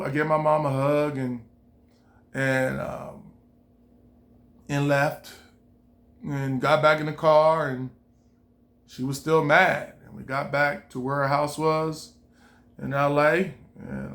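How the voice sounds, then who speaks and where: A man with a gravelly, slightly high voice tells a personal story casually. He rambles and repeats himself, often quoting his own thoughts. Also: takes it slowly, pauses often, fairly bright tone. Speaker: vlogger.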